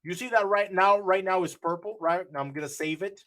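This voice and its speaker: A man's voice: high-pitched, a little fast, fairly bright tone. A man leading an online workshop, explaining a live coding demo step by step and often restarting his phrases. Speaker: workshop instructor.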